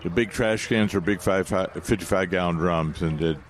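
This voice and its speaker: Deep-voiced man, halting radio garden chat. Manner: halting, many restarts, explanatory. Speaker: radio garden show co-host. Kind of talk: casual call-in radio chat.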